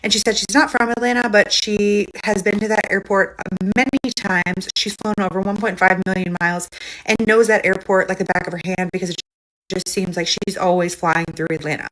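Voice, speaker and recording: Fast-talking woman telling a story. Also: mid-range voice, fairly even intonation, a bit bright, poor audio. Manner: casual, chatty, quick delivery. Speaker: host. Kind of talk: storytelling a reader's account.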